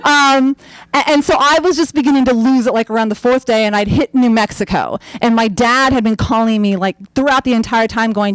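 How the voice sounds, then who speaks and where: A young woman telling a personal story on stage in a chatty, animated way, full of fillers and acted-out quotes. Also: a little high, brisk, clear, resonant tone, no room sound, rough recording. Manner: acts out her own quoted lines.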